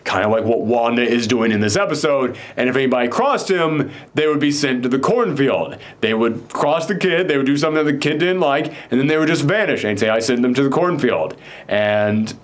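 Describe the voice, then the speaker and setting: A man casually recapping a TV episode with a co-host, rambling with many fillers. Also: medium pitch. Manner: rambling, filler-heavy, quick mock voices for characters. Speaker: podcast co-host.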